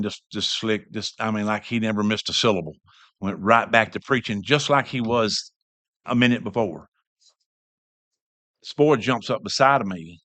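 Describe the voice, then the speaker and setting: A man's voice: fairly low pitch, fairly bright tone, dry recording. An older man giving a personal church testimony, telling the story in a rambling way with many restarts.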